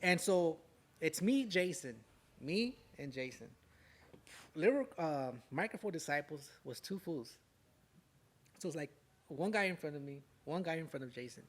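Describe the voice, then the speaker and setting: A young man from Southern California, a rapper guesting on a podcast, tells an expressive story at a moderate pace with frequent pauses and a fairly high pitch. His talk is casual, profane street slang, with "way" and "fool" as recurring tag words.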